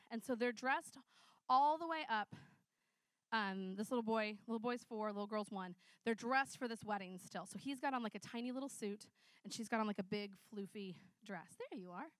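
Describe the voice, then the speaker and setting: A woman preacher with a fairly high voice tells stories in a loose, chatty sermon. She talks in an animated way and leans on lots of fillers. The sound is close and dry. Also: no room sound. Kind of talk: conversational sermon with storytelling.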